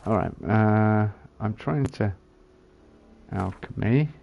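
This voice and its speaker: A man's voice: fairly low pitch, takes it slowly, gravelly, darkish tone, highs cut off. A man giving casual commentary on a game he plays, muttering and reading item descriptions aloud as he thinks it through. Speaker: gaming channel host.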